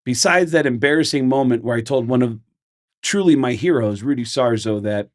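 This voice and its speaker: Man, middle-aged, comedian, podcast co-host, animated storyteller, mid pitch, dry close sound. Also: moderate pace, no room sound. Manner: animated storyteller, acts out quotes. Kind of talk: casual chat.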